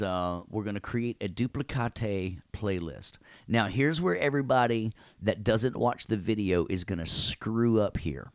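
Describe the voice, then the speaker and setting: This is a recorded class lecture full of jokes, led by a Nashville-accented Southern man teaching audio workstation software. He's chatty with his students, speaking in a fairly low pitch with no echo on the recording.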